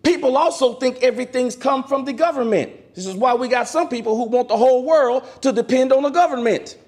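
A man, a minister, preaching a sermon to his congregation and calling out for amens, swinging from loud exclamations down to quiet asides. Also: very high-pitched, a little fast. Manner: calls for amen from the congregation.

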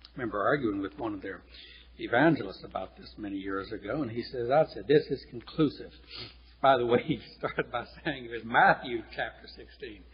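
A man preaching a lecture-style sermon, teaching in a lively, animated way with chuckles and restarts. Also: medium pitch, fairly quick. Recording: dull lo-fi recording in a reverberant hall.

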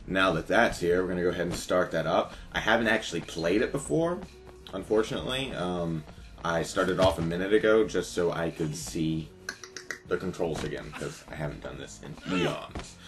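Deep-voiced, laid-back gaming commentator. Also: male voice. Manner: laid-back, profane, joking. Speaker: gaming YouTuber. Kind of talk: let's-play commentary. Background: game music.

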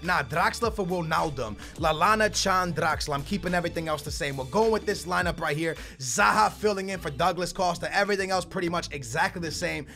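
High bright young man shouting gameplay commentary. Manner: swings from flat muttering to shouting outbursts. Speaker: gaming YouTuber.

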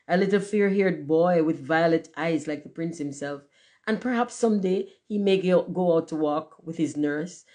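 A woman's voice: lowish voice, a little mellow, lightly acted. A woman voicing a pompous, self-important male firework rocket in a storybook reading, haughty and self-pitying. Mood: indignant.

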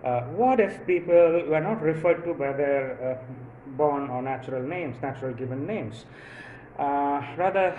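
Man from India, stand-up monologue, unhurried and meandering, laughs at his own lines, echoey room, faint noise. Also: fairly high pitch. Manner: rambling, with many fillers and chuckles at own jokes. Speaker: stand-up comedian.

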